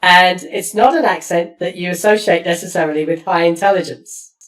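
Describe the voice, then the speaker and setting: A man's voice: high voice, brisk, a bit bright. A man from East London hosting a casual interview chat, telling stories with frequent restarts. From East London, England. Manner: chatty, storytelling, frequent restarts. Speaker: podcast host. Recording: distant from the mic.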